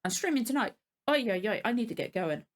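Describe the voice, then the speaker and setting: A woman's voice: fairly high pitch, very animated, fast talker. Emotional woman gushing in a vlog. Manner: rambling, gushing, full of restarts. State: teary, emotional. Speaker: reaction channel host. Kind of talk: casual reaction vlog chat.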